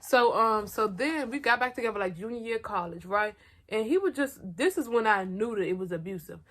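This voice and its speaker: A woman's voice: a little high, expressive, brisk, fairly bright tone. A young woman telling a personal story in a storytime vlog, candid and slangy, talking straight to her viewers and poking fun at herself. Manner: blunt and self-mocking. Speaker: vlogger.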